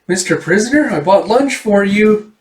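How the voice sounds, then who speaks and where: A man voicing a naive, cheerful young girl in a high childish voice, read in an echoey room. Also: expressive, moderate pace. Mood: chirpy. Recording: echoey room, far from mic.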